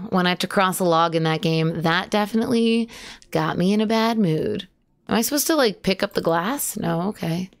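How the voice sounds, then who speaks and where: A woman plays a horror game on a live stream, talking with viewers, yelping at jump scares and swearing casually as she commentates. Her voice sits on the low side, with a little hiss or hum in the audio.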